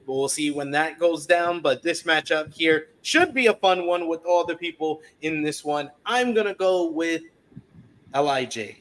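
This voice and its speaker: A man's voice: fairly high pitch, unhurried. A man co-hosting a live stream, breaking down an upcoming card in a casual chatty way and reading out viewer comments. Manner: reads out chat comments, chatty and animated. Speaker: podcast co-host previewing wrestling card.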